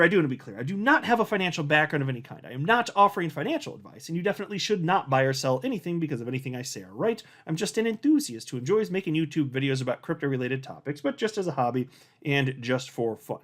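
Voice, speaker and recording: A man's voice: sits high, a bit bright. A man hosting his own crypto channel, talking in a sarcastic, mocking commentary monologue with frequent laughs and restarts.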